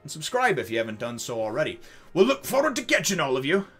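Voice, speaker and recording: A man talks from his desk at home, recapping a manga chapter in a loose, animated way. He acts out the characters' lines, swears freely, and laughs as he goes. Faint music plays behind him. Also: fairly high pitch, quick pace, husky. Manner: animated, swears casually, voices quoted characters, laughs often. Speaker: manga reaction vlogger. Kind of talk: excited casual recap to camera.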